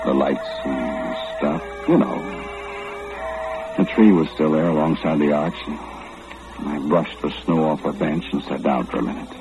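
An actor in an old-time radio drama playing an easygoing working man who tells his story in a folksy, relaxed way. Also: very deep voice, exaggerated voice. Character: easygoing middle-aged working man narrating his tale. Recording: dull lo-fi old radio recording with hiss.

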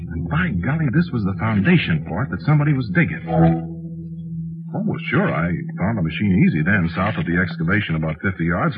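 An actor playing a flustered, folksy young time traveler who tells his story haltingly in an old radio drama. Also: on the low side. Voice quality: folksy, halting, full of uhs and gee. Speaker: time traveler narrating his own tale. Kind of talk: 1940s radio acting. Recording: tinny old radio broadcast with music.

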